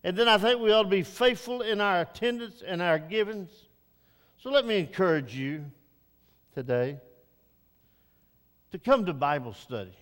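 An older male pastor delivers a rambling, folksy sermon that swells into emphatic urging. His voice sits high and rings smooth and resonant. The sound carries a long reverb from the church hall. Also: animated, normal speed, pauses often, a bit bright. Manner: folksy, rambling preacher who builds to emphatic exhortation. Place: church sanctuary.

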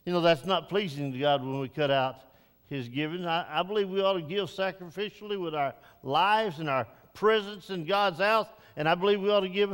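A man's voice: sits high, fairly bright tone, smooth. An older man preaching a folksy, rambling sermon in a church, building to emphatic exhortation. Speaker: pastor. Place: church sanctuary. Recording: reverberant church hall.

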